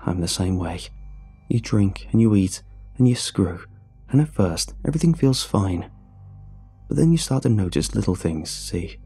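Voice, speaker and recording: A man voicing a bitter, self-pitying drunk with a graying beard, sobbing and low-voiced in a storybook reading. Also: expressive, normal speed, mellow, husky, faint music behind, full character voice. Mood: mournful.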